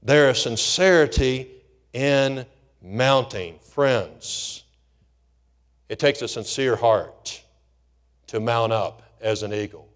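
A man preaching a fervent sermon, rising to emphatic calls. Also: medium pitch. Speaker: pastor.

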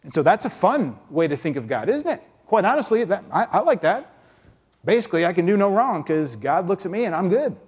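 Male preacher, conversational sermon delivery, fairly high voice, breaks into playful impressions. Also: very animated, slightly rough. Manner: conversational, acts out quick impressions with pitch jumps.

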